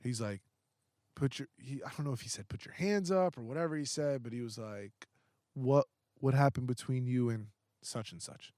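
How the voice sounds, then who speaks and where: A young man, a podcast guest, telling a story in a casual, animated way, with heavy swearing and lots of fillers. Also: mid-range voice, moderate pace, no echo, clean studio sound.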